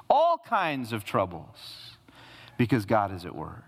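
A man's voice: lowish voice, huge pitch swings, slow pace, a bit bright. A male pastor preaching a sermon, asking rhetorical questions and repeating phrases for emphasis. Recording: reverberant hall.

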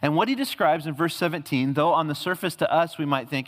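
A man preaching a sermon as a pastor, swinging from loud, high emphatic peaks down to low, hushed lines, with casual asides that act out quoted voices. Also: fairly quick. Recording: reverberant hall.

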